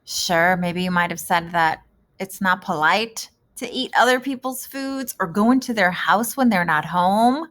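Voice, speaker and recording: A woman teaching a kindergarten class in a gentle, encouraging manner. She asks the children questions and answers them herself, in a mid-pitched voice. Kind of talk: reading lesson for young children.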